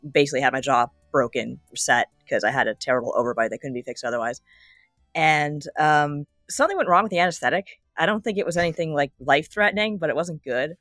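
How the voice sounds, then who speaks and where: A woman's voice: low-pitched, fairly bright tone, no echo, studio quality. A woman co-hosting a podcast, telling a personal story in casual chat with wry, joking asides. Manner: storytelling with wry humor and laughs. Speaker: podcast co-host.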